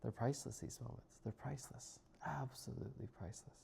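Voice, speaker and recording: A man speaking as a spiritual healer in a slow, soft, reflective monologue, often drifting into a whisper. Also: mid-range voice, vocal fry, a little hiss or hum.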